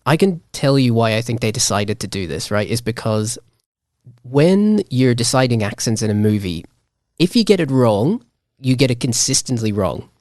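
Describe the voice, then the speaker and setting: A man's voice: medium pitch, very animated, moderate pace, darkish tone, no echo, clean studio sound. Rambling male podcast co-host. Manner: rambling, many restarts, laughs often. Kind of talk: casual debate chat.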